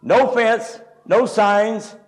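A male preacher delivering a story-driven sermon at a conference. His voice sits high and his delivery is folksy and plain-spoken. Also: fairly even intonation, very slow. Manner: folksy storytelling, varied loudness.

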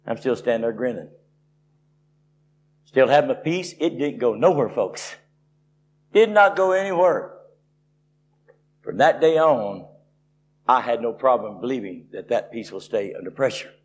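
A man's voice: mid-range voice, moderate pace. Folksy preacher man. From Tennessee. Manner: folksy storytelling, rising with excitement. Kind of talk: sermon testimony.

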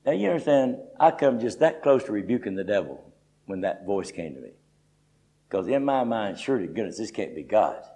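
A man's voice: lowish voice, sing-song, brisk, mellow, poor audio. A middle-aged man preaching a conversational sermon in a folksy, emphatic way, often adding "you know".

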